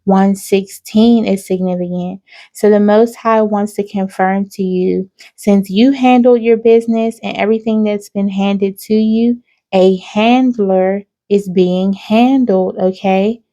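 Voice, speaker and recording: Mellow, even-toned woman giving a spiritual reading. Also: medium pitch, measured pace. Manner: frequent "okay?" tag questions, reeling off numbers. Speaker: spiritual reader. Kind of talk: intuitive card reading to viewers.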